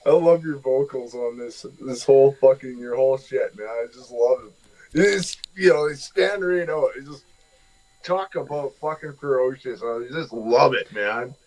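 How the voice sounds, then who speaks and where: A man's voice: mid-range voice, moderate pace, a little mellow, poor audio. A man chatting casually in an enthusiastic way, swearing constantly. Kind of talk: casual chat.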